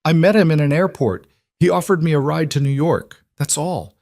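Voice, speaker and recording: A man's voice: medium pitch, moderate pace, mellow, no echo, clean studio sound, pitched above the performer's own voice, lightly acted. A man voicing a frightened young woman held captive, pleading and desperate.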